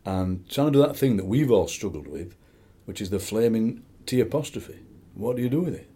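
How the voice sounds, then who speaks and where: A middle-aged man with a Barnsley accent, a poet chatting in an interview and reading his poems, lively and fond of doing voices. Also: medium pitch, fast talker, hardly any pauses, breathy edge. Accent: Barnsley, South Yorkshire. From South Yorkshire, England. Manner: animated storyteller, slips into quoted voices. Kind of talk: conversational interview with poetry reading.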